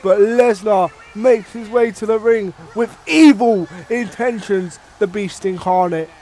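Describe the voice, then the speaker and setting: Young man from Ireland, very high voice, excitable and sweary, game commentary. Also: measured pace. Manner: excitable, swearing, mock ring-announcer bursts. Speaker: gaming commentator.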